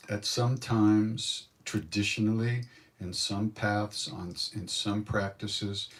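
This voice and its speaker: An older man tells stories at a spiritual gathering in a low voice. He talks in an animated way and acts out what others said. The mic sits some distance from him. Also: creaky. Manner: animated storyteller, acts out quotes. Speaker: spiritual teacher telling stories. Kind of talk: storytelling satsang talk.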